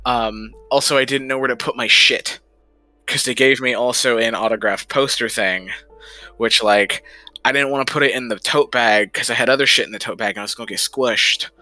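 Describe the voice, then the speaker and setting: A man's voice: medium pitch, moderate pace, pushed and bright, no echo, faint music behind. A man livestreaming, chatting casually in a rambling way and swearing freely. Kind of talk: casual chat.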